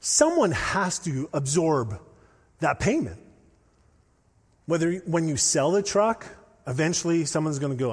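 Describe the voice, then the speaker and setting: A man preaching a sermon as pastor, telling stories with animated, rising intensity. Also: fairly high pitch, unhurried, breathy edge. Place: church hall. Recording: long hall reverb.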